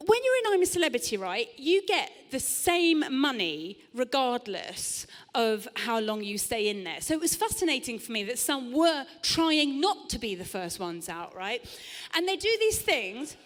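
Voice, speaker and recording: A woman's voice: on the high side, sing-song. Chatty woman comic on a big stage. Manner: chatty, self-mocking, quick asides to the crowd. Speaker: stand-up comedian. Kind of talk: live stand-up set. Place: large theatre stage. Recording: long hall reverb from a live venue.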